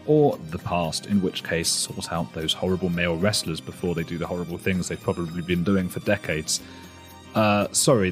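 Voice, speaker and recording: A man hosting a podcast, giving a chatty, rambling solo introduction with self-deprecating asides. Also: low-pitched. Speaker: podcast host.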